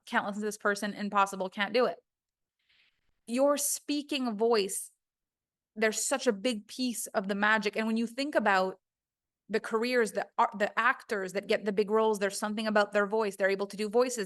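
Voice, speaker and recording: A woman's voice: fairly high pitch, fairly bright tone. A woman voice coach giving a recorded course lesson, talking emphatically and acting out quoted voices.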